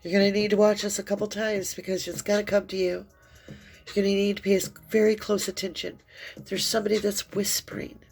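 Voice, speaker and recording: A woman's voice: medium pitch, little pitch movement, gravelly, darkish tone, faint music behind. A woman giving an emotional tarot reading, crying and speaking in a heartfelt, soothing way. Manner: tearful, heartfelt, slow and soothing. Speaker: tarot reader.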